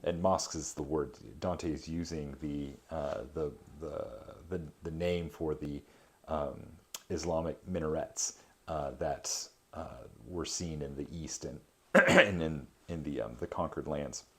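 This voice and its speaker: A man reading a poem aloud and explaining it in a casual, halting way, with many filler words. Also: rumbling low.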